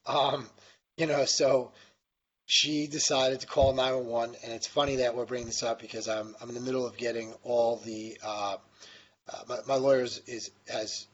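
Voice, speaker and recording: A man's voice: medium pitch, flat delivery, normal speed, breathy edge. A man being interviewed, telling a long personal story with many restarts and quoted back-and-forth. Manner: rambling, with frequent restarts and quoted dialogue. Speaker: interview guest. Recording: slightly dull, lo-fi sound with faint background noise.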